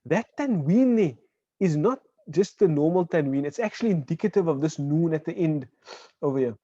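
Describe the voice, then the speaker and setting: A man teaching an online Arabic class. He explains patiently, checks in with "right?" and says example words slowly. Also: on the high side, expressive, dark tone, no echo. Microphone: video call. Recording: dull, dry online call audio.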